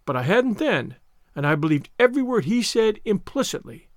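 A man's voice: sits high, big pitch swings, moderate pace, no echo, clean studio sound. A man reading the part of a dramatic, despairing young orphan girl in a storybook, full of theatrical self-pity. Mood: pleading. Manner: theatrical, self-pitying laments.

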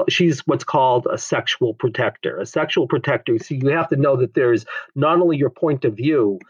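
A man's voice: medium pitch, husky, no echo, highs cut off. A man who teaches the Enneagram in frank, emphatic conversation, swearing now and then.

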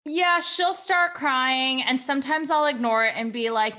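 A woman's voice: high voice, measured pace, hardly any pauses, sharp tone. A mother candidly asking for advice, talking in a rambling way with many "like"s. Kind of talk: casual chat.

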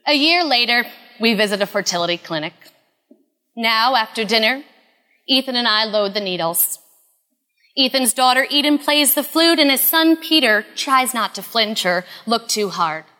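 A woman in her thirties telling a personal story in an earnest, confessional way, often dropping to a hush. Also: a little high, lively intonation, normal speed, big-room sound. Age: 30s.

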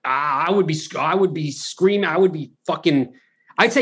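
Husky, rambling man on a podcast. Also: fairly high pitch, fairly quick. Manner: rambling, animated, lots of restarts and profanity. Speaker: podcast co-host. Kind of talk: casual podcast banter.

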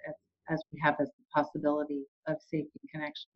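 Woman guest, earnest and calm, fairly low voice, muffled lo-fi sound. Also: very fast, vocal fry. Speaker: guest expert. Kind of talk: conversational interview.

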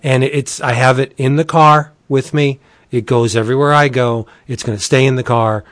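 A man co-hosting a casual podcast chat, earnest and halting with many restarts. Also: mid-range voice, fairly even intonation, a bit bright, no room sound. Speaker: podcast co-host.

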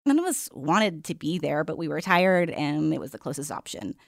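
A woman podcast host giving measured, earnest scripted narration. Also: low voice, expressive, gravelly, no room sound, studio quality.

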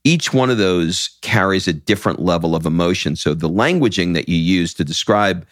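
A man hosting a podcast, talking in a relaxed, reflective way with easy fillers. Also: sits low, moderate pace, no echo, clean studio sound. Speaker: podcast host. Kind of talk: casual chat.

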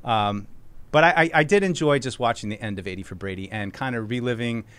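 A man's voice: mid-range voice, quick pace, a bit bright, clear, resonant tone. A man co-hosting a sports radio show, telling stories in a rambling way that is full of restarts. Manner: rambling, self-interrupting storyteller. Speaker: co-host. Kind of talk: casual sports radio chat.

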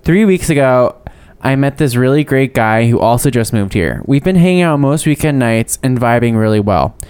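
A male podcast co-host in loose, playful chat, laughing often as he reads listener mail and ad copy. His pitch swoops about lively while his voice stays smooth and clear. The talk is relaxed and chatty throughout. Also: moderate pace. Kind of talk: casual chat, reading listener letters and an ad.

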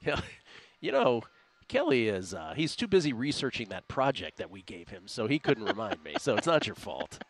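A man with a fairly low, sing-song voice hosts a sports betting radio show at normal speed. He's chatty and laughs often, reading listener tweets aloud as he talks casually.

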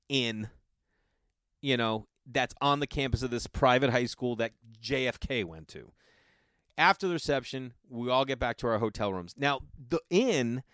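A man's voice: dry recording, studio quality. A middle-aged man telling a long comic story, acting out the voices of the people in it. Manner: animated, acts out quoted friends with big pitch jumps. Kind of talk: storytelling stand-up.

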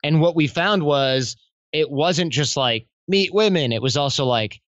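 A man speaking as a podcast guest, telling stories in an animated way and acting out quoted lines in other voices. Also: fairly high pitch, a little slow, no echo, muffled recording. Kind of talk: conversational interview.

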